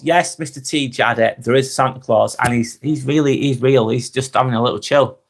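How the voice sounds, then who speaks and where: A man's voice: mid-range voice, brisk. A man from England with a Lancashire accent, hosting a casual live stream and answering viewer comments, chuckling often and calling people mate. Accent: Lancashire, North West England.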